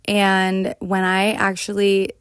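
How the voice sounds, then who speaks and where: Her delivery completely flat and slow, an American woman hosts a solo podcast, earnestly confessing and reflecting while checking in with "right?" often. Her medium-pitched voice is clear and resonant. The studio sound is clean, with no room sound.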